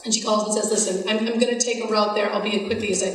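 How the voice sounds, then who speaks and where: A woman giving a keynote talk, an animated, self-mocking storyteller who acts out the dialogue. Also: medium pitch, racing. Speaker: keynote speaker. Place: large hall with audience. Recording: echoey hall from far off.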